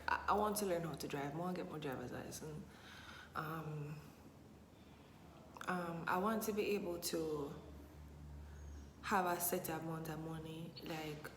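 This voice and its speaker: Young woman, low voice, echoey room. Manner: animated, emphatic, repeats phrases for effect. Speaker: vlogger. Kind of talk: casual Q&A monologue. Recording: echoey room with long reverb, faint hiss.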